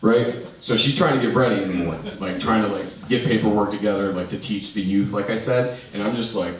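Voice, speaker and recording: A young man doing a stand-up set at a comedy club, telling crude, self-mocking stories with quick asides. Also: on the low side. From Maryland, USA. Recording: echoey club heard from far off, noisy.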